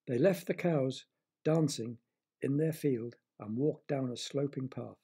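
A man narrates a bedtime story for children, chatting gently and speaking straight to his young listeners. His voice is gravelly, mellow and husky. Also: mid-range voice, moderate pace.

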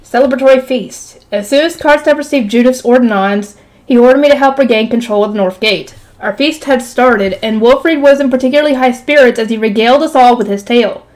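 High-voiced woman reading a novel aloud. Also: fairly quick, darkish tone, low-quality recording. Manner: breaks off to react with exclamations and groans. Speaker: channel host reading a light novel aloud.

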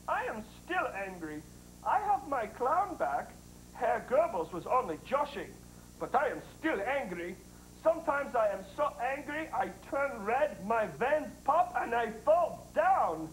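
A man's voice: extremely high pitch, fairly bright tone, a little hiss or hum, full character voice, low-quality recording. A man playing a pompous male dictator who reads his own love letters aloud in a stiff, formal way, in a sketch comedy.

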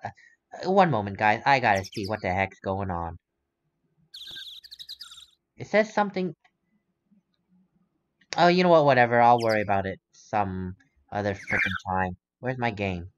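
A man's voice: fairly low pitch, lo-fi sound, a little hiss or hum. A young man hosting a let's play, casually commenting on a game in a rambling, self-correcting way.

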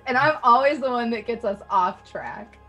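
A woman's voice: fairly high pitch, animated, moderate pace, sharp tone, soft background music. A woman playing in a tabletop game, chatting wryly with the group. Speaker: player. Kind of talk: casual chat among players.

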